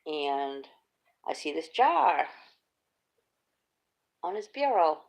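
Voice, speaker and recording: Low gravelly middle-aged lady chatting, animated storyteller, laughs a lot. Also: very slow, lo-fi sound. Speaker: host. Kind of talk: casual chat.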